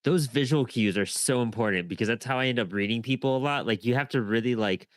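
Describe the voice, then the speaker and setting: Fast-talking man on a podcast panel. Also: mid-range voice, no room sound. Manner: quick, eager, slips into quoted asides. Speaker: podcast interviewer. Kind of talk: casual panel discussion.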